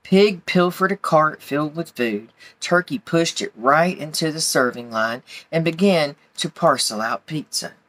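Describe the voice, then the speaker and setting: A woman gently reading a children's picture book aloud to young listeners. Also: deep voice, lively intonation, a little slow, few pauses. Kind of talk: storybook read-aloud.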